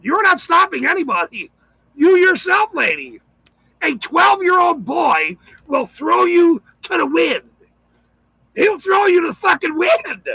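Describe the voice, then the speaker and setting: A man giving rambling, profane commentary, shouting and swearing often and laughing a lot as he talks. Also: very high voice, very animated, measured pace, gravelly, no room sound, rough recording.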